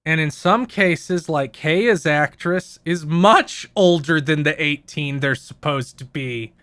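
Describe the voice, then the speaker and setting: Bright-voiced man in casual podcast chat. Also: a little high, slow pace, smooth, no room sound. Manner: animated, explains details, swears casually. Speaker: podcast co-host.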